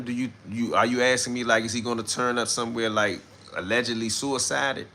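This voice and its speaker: Gravelly slangy man talking on a livestream. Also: medium pitch, fairly quick, few pauses, pushed and bright, slight background noise. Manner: loose slangy commentary, greets viewers. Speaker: livestream host. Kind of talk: casual live-stream talk reading chat.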